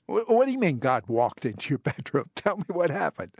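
A man's voice: a little high, big pitch swings, a little fast, darkish tone, slightly rough, no room sound, clean studio sound. A man hosting an interview, asking questions and speaking emphatically, often stammering as he begins. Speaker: host. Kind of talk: interviewing a guest.

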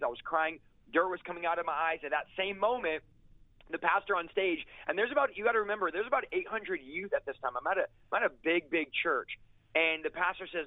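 A man with a somewhat high voice tells his conversion story with fervent intensity, piling phrase on phrase and repeating key lines for emphasis. The sound is dry and narrow, like a tinny phone line with no room around it. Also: dry recording. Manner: intense, fast-paced storytelling with emphatic repetition. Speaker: guest preacher sharing a testimony. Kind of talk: fervent personal testimony in an interview.

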